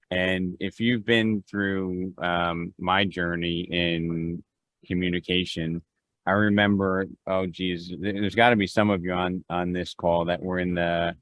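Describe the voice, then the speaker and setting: A man's voice: sits low, fairly bright tone, no echo. A man leading a real estate mastermind on a video call, talking conversationally with restarts and acted-out phone exchanges. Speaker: real estate team leader.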